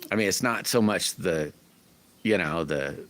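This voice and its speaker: A man's voice: low-pitched, measured pace, a bit bright. A middle-aged man hosting a livestream, chatting casually with viewers in a folksy, rambling way full of restarts. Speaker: livestream host.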